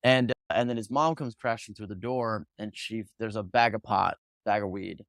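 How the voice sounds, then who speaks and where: A man's voice: on the low side, moderate pace, no room sound. Young guy on a podcast, fired up, swears a lot, trips over his words, dry close mic. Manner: animated storytelling, swearing, many restarts. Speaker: podcast guest. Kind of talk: casual podcast chat.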